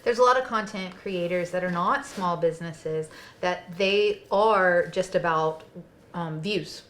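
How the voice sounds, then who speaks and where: Woman, podcast co-host, low-pitched, thoughtful casual explaining, office conference room. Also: measured pace, fairly bright tone. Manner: thoughtful, talks in lists and frameworks.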